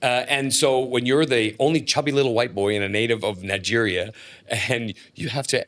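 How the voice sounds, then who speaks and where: A middle-aged man appears as a podcast guest, telling casual stories and animatedly acting out the dialogue in them. His voice is mid-range at a moderate pace, with no room sound.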